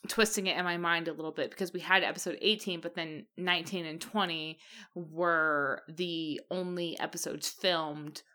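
A woman's voice: on the low side, steady tone, moderate pace, pushed and bright. A woman co-hosting a casual chat, laughing often and stopping to correct herself. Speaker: podcast co-host.

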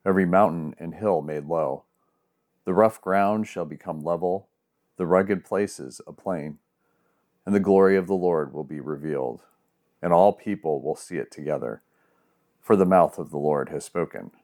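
This pastor speaks in a low-pitched voice with a darkish tone. Reading from scripture and preaching his sermon, he comes across as earnest and conversational, with occasional restarts.

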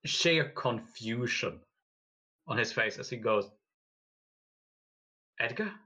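A man narrating a tabletop game as game master, slow and halting with many fillers. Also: mid-range voice, pushed and bright, slightly rough, poor audio.

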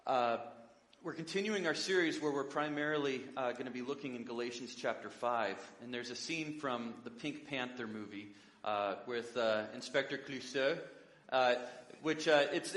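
A male pastor giving a conversational sermon, relaxed and rambling, with lots of fillers and self-corrections. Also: mid-range voice, long reverb tail.

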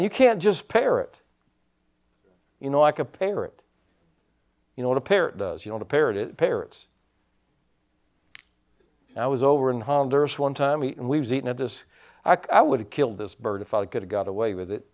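A man preaching a sermon as pastor, folksy, telling stories and swinging his loudness up and down, from the United States. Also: medium pitch, lively intonation, a little fast, pauses often. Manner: folksy storytelling preacher, rising and dropping loudness.

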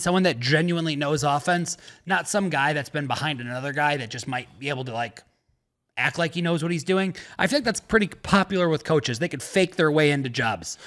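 A man co-hosting a sports podcast, chatting casually and animatedly about football. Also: on the high side. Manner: animated, acts out quotes in a raised voice.

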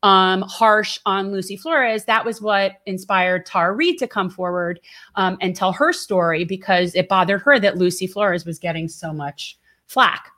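A woman's voice: medium pitch, measured pace, bright, forceful tone. A woman co-hosting a casual political talk show, outspoken and emphatic, her voice rising when she gets heated. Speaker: co-host.

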